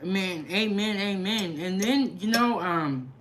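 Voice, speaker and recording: Slow, chatty woman eating on stream. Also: medium pitch, background noise. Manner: relaxed, chatty, savoring food with hums. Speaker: food vlogger. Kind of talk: casual mukbang livestream chat.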